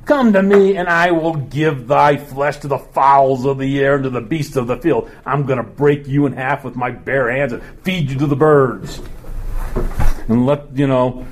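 A man voicing a huge boastful giant warrior, yelling threats across a valley. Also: mid-range voice, normal speed, close to an everyday voice. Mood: threatening.

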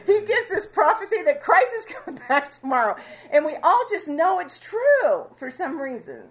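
A woman casually teaching a Bible passage to a small fellowship group, chatty and quick to laugh with them. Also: high voice, big pitch swings. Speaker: Bible study leader.

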